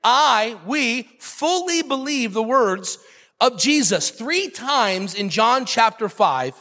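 A man's voice: extremely high pitch, sing-song, takes it slowly, bright, forceful tone, long reverb tail. A man preaching a sermon as pastor, emphatic and repetitive, joking with his congregation. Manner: emphatic, repeats key phrases, jokes with the congregation.

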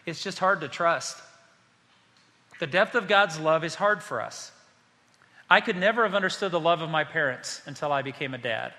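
A man's voice: a little high, animated, normal speed, pauses often, sharp tone, long reverb tail. A man preaching a sermon as pastor, speaking passionately and addressing the congregation directly.

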